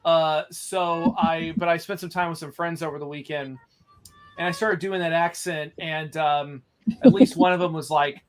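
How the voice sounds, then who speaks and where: A man's voice: on the high side, fairly even intonation, moderate pace. A man chatting casually on a livestream about his comic art, rambling and joking at himself. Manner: rambling, self-mocking, trailing off. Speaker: comic artist.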